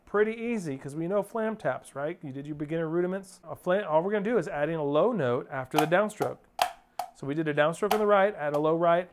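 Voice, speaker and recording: A man's voice: a little high, animated, fast. A man teaching drum rudiments step by step, patiently calling out counts and stickings. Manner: counts beats and calls stickings aloud; patient, plain coaching. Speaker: drum instructor. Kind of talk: step-by-step music lesson. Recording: clear clicking noise behind voice.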